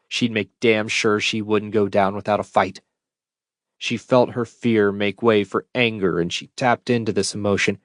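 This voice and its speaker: A man narrating a science fiction audiobook in a steady, measured read into a close mic. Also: lowish voice, dry recording. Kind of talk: scripted narration.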